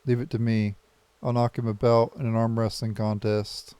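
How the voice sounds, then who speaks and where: A man's voice: medium pitch, level tone, moderate pace, mellow, clear, resonant tone, no echo, lightly acted. A man reading aloud the lines of a confident, self-assured big-sister warrior woman from a game. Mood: boastful.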